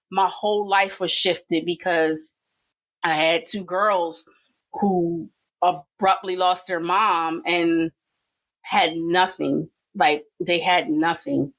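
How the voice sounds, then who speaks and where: A middle-aged woman talks as a guest on a podcast. Her voice sits a little low, and she speaks earnestly and emotionally. She pauses and uses fillers as she tells her own story. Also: fairly bright tone, poor audio. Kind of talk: personal testimony in an interview.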